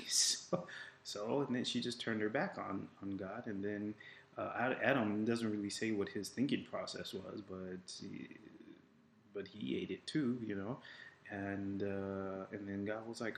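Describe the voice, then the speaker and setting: A man giving an informal faith talk, retelling Bible stories casually with quoted voices, halting often with fillers and restarts. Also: fairly low pitch, creaky, slight background noise. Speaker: life coach. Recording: echoey room with faint ambience.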